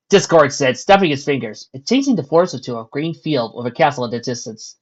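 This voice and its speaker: A reader narrating a fan story in a plain middle-pitched voice, dropping casual asides between passages. The recording is muffled and lo-fi. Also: expressive, fairly quick, few pauses. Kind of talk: reading a fan story aloud. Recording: dull lo-fi recording.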